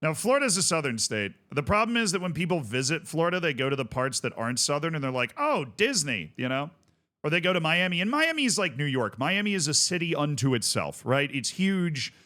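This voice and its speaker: A man's voice: a little high, sing-song, brisk, pushed and bright. A man streaming a game, chatting casually with viewers in rambling, jokey asides. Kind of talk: casual gaming stream chat.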